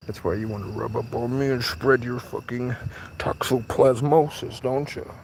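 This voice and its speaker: A man's voice: medium pitch, moderate pace, vocal fry, a little mellow, slight background noise. A man livestreaming outdoors at night on a work break, chatting with a cat in a playful, teasing way full of crude jokes and mock-mystical talk, on a phone mic. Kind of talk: casual live stream, talking to a cat.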